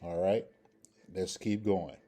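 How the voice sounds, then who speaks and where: A man's voice: sits low, steady tone, slow, heavy background noise. A man teaching a Hebrew grammar lesson, walking through roots and pronunciations and often checking in with "okay" and "all right". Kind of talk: screen-share grammar lesson.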